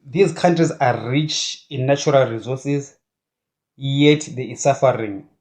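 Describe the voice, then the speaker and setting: Male political commentator, unhurried, halting, fired-up opinions. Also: mid-range voice, a little mellow. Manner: halting, many filler sounds; indignant, rhetorical questions.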